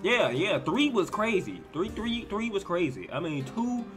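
A man's voice: high voice, very animated, measured pace, music in the background. An American man hosting a casual reaction video, talking in disbelief, often repeating himself and tacking "bro" onto his lines. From United States. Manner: incredulous, repeats words and stumbles, says "bro" a lot.

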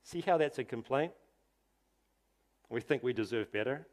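A man preaching a sermon, emphatic and full of rhetorical questions, sometimes dropping to a soft, quiet tone. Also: mid-range voice, lively intonation, moderate pace, pauses often. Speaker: pastor.

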